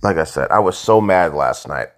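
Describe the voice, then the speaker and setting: A man ranting casually as a sports fan vlogger, frustrated, jumping between loud outbursts and low mutters. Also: animated, normal speed.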